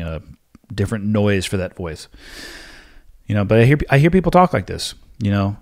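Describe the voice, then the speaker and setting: A man hosting a solo podcast, answering listener questions in a blunt, forceful, lecturing way. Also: lowish voice, sing-song, normal speed, pauses often, no echo, studio quality. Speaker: podcast host.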